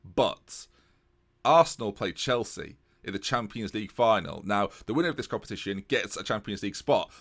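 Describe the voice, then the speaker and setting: A young man giving casual, animated, self-mocking commentary while playing a football management game. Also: fairly low pitch, moderate pace. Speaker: gaming YouTuber.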